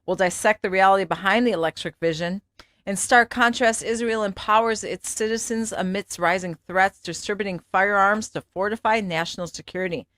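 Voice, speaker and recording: A woman's voice: mid-range voice, brisk, a bit bright, no room sound, studio quality. Woman reading dramatic news teasers. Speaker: news show host. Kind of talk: scripted news intro.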